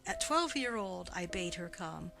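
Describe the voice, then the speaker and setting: A woman's voice: animated, a little slow, vocal fry, faint music behind, full character voice. A woman voicing the rambling old Nurse. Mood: rambling fond. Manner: rambling, repeats herself, swings high and loud. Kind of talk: audiobook drama reading.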